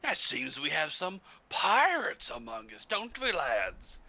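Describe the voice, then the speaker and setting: A man's voice: a little high, huge pitch swings, slow, pushed and bright, voice pushed up, heavily acted. A man voicing an arrogant, mocking male kitsune pirate first mate, sneering and theatrical, on slightly muffled stream audio. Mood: smug.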